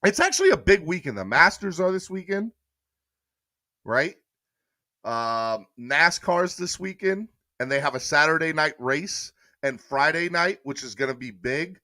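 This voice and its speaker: A man chats loosely through sports news on a live podcast stream, stopping often to read viewer comments. His voice is bright and forceful. The sound is dry and close, with no room echo. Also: on the high side, big pitch swings, measured pace. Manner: chatty, rambling, reads viewer comments aloud. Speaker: podcast host.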